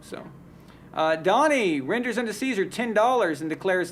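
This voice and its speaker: A man's voice: sits high, animated, moderate pace, a little hiss or hum. A man hosting a casual live sports talk stream, giving blunt, heated opinions and often restarting his sentences. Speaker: sports talk show host.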